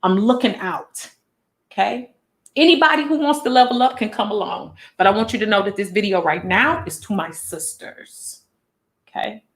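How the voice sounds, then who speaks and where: A woman's voice: medium pitch, normal speed. A woman vlogger, speaking earnestly and emotionally, near tears, repeating lines for emphasis. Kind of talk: emotional direct-to-camera vlog talk. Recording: roomy echo.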